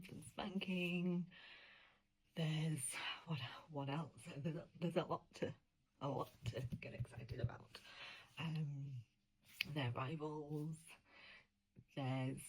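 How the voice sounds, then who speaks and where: A lower-voiced woman chatting casually as a book editor, animated and profane. She drops into breathy whispers when she gets worked up. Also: slow pace, long pauses, rough recording.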